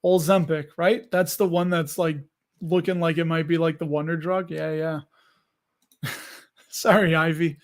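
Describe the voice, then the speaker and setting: High-pitched guy chatting through a livestream, loose and jokey, laughing along. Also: level tone, unhurried, pauses often. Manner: chatty, laughs often, self-deprecating. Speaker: livestream host reading chat. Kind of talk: casual live chat.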